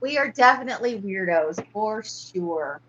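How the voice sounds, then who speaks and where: A woman's voice: medium pitch, expressive, measured pace, fairly bright tone, dull audio, a little hiss or hum. A woman chatting casually as a live-stream guest, rambling a little as she tells things.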